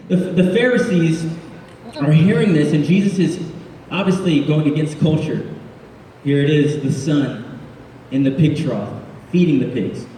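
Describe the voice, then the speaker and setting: A man preaching a casual, jokey sermon, laughing often and adding quick asides. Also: fairly high pitch, dark tone, a little hiss or hum. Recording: echoey hall, speaker far from mic.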